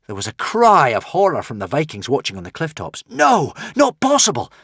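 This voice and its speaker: A man narrating a fantasy audiobook in an expressive, dramatic way. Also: medium pitch, a little fast, breathy edge, no echo, clean studio sound. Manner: dramatic, varied delivery.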